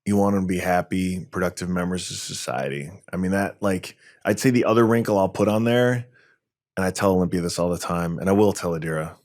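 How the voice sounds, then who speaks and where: A man in his forties from New York, a tech entrepreneur guest telling lively stories in a podcast interview. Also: deep voice, fairly quick. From New York, USA. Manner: lively anecdotal storytelling, acts out dialogue.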